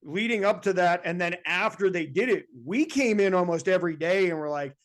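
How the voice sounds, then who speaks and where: A man hosting a podcast and interviewing his former teacher in a relaxed, chatty way. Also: high-pitched, brisk. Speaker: podcast host, former student. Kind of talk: casual interview chat.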